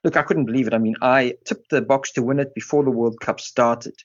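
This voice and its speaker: A man's voice: medium pitch, steady tone, brisk, dull audio. A man, a sports journalist guest, talking in an easygoing, informative way in casual chat. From South Africa. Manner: easygoing, informative, often opens with "look".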